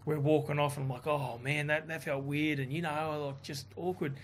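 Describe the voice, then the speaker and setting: A man telling a story in a casual chat, animated and swearing, quoting others in his own voice. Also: on the high side, moderate pace, slight background noise. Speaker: guest.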